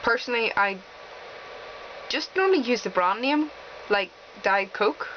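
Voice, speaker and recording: A woman's voice: on the high side, lively intonation, unhurried, fairly bright tone. A teenage girl with a Northern Irish accent that mixes Belfast and Fermanagh with a slight American tinge, chatting casually and wryly to camera as she reads out a word list and questions, with plenty of ums. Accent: Northern Irish, mix of Belfast and Fermanagh with a slight American tinge. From Northern Ireland. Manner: chatty and wry, with frequent ums. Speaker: vlogger. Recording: dull lo-fi webcam audio with faint room hiss.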